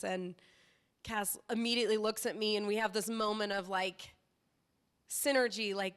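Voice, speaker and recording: A middle-aged woman from Southern California, a company founder telling her story in a casual interview with lively energy. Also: fairly high pitch, normal speed, clean tone. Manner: lively, animated storytelling with laughs.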